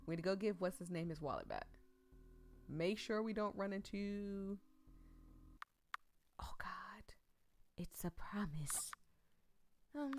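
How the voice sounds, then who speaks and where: A woman's voice: mid-range voice, sing-song, takes it slowly, pauses often, soft background music. A woman hosting a let's play, chatting and reacting emotionally as she reads a story game.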